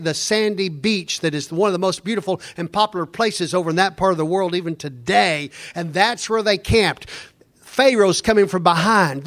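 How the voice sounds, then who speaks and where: A man preaching a sermon, retelling a scripture story with repetition and dropping his voice low when reading verses. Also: a bit bright.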